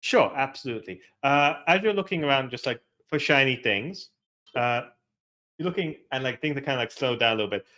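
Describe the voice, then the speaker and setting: A man's voice: mid-range voice, expressive, fairly quick, bright, forceful tone. A man narrating as game master in a tabletop role-playing game, rambling with many fillers and restarts.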